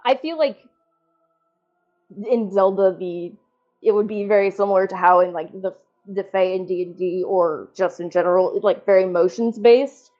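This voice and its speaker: A woman playing a tabletop game in casual chat, talking haltingly and laughing often. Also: mid-range voice, steady tone, lo-fi sound, faint music behind. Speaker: tabletop player.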